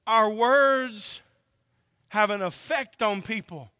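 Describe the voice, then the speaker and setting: Preacher, male, from Oklahoma; very high, bright delivery in a reverberant hall. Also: clean tone. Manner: emphatic, drawn-out preaching with rhetorical questions. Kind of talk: sermon.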